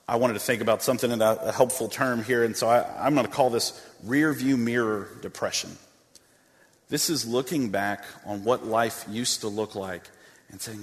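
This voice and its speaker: A man's voice: fairly low pitch, in a large hall. A man preaching a sermon as a pastor, earnest, reading scripture aloud and repeating words as he restarts. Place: church sanctuary with a stage.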